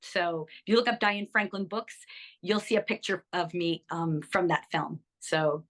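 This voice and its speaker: A woman's voice: lowish voice, a little slow. An older woman, an actress, chatting enthusiastically about her career in an interview, with many ums and restarts. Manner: enthusiastic, animated, lots of fillers. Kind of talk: casual interview chat.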